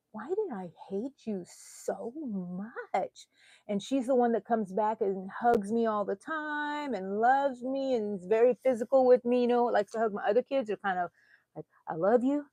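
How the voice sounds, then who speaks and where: A woman's voice: mid-range voice, darkish tone, dry recording. A middle-aged woman hosting a crochet livestream, chatting in a rambling way and talking to herself as she works. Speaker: crochet channel host. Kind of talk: casual chat during a livestream.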